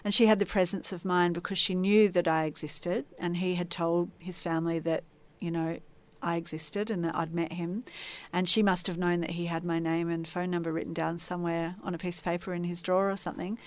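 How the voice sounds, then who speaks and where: Woman, podcast guest, low voice, earnest and reflective. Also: flat delivery, fairly quick, hardly any pauses. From Tasmania, Australia. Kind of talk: personal storytelling in an interview.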